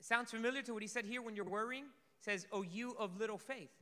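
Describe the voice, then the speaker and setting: A man preaching a sermon to a congregation, lively, swinging between loud emphasis and soft asides. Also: sits high, a little fast. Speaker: pastor. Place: church sanctuary. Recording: reverberant hall.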